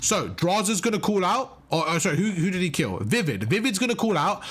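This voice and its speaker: Male coach, slightly raspy, pitch a touch high, pushes points hard while walking through footage. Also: very animated, fairly quick, fairly bright tone. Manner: emphatic, keeps checking in with "right?" and "okay?". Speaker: competitive gaming coach. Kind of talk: breaking down match footage.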